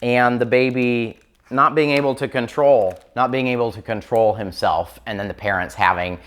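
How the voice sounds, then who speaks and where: A man's voice: mid-range voice, normal speed, a bit bright. A man casually reviewing children's picture books on camera, chatty and enthusiastic, with plenty of ums and likes. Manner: chatty, filler-heavy, enthusiastic. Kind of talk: casual book review chat.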